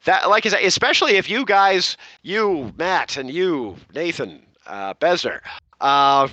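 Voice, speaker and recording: A man's voice: fairly high pitch, big pitch swings, unhurried, sharp tone, dry recording, highs cut off. A man co-hosting a casual group chat podcast, talking in a chatty, self-interrupting way. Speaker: podcast co-host.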